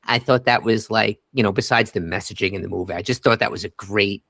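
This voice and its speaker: Middle-aged man, co-host, low voice, dry close sound, animated scene-quoting. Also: fast, vocal fry, dry recording. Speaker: podcast co-host. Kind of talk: casual movie review chat.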